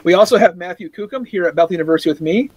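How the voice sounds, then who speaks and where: A man with a high-pitched voice hosts a casual discussion podcast. He talks conversationally, with plenty of fillers and a touch of dry sarcasm. The recording is dry and close, with no room sound. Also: racing, dry recording, low-quality recording. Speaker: podcast host.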